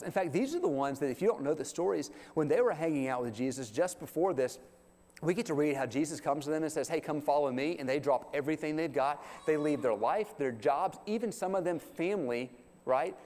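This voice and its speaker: A man preaching a sermon in a folksy, animated way, acting out the quotes he tells. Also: fairly high pitch. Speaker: pastor. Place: church sanctuary. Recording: long hall reverb.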